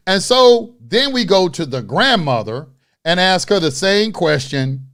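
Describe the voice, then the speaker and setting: A man hosts his own video, speaking straight to his camera in blunt, profanity-laced street talk. His voice sits high and leaps around constantly. He tells a story, then rants with mounting exasperation. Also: big pitch swings, a little slow, a bit bright. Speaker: online video host. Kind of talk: unscripted rant to camera.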